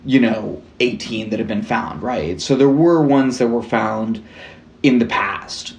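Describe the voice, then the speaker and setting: A man's voice: mid-range voice, a little slow, vocal fry, roomy sound. A young man co-hosting a podcast, telling a true-crime story in casual chat, rambling with lots of "like" and casual swearing. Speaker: podcast co-host.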